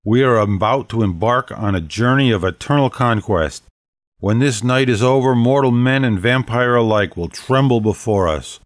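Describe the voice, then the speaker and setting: A man's voice: mid-range voice, moderate pace, no echo, studio quality, voice pushed up, lightly acted. A man voicing a regal, commanding ancient female vampire leader, speaking boldly and stately in an audiobook. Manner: bold, stately, proclaiming. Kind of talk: audiobook character voice.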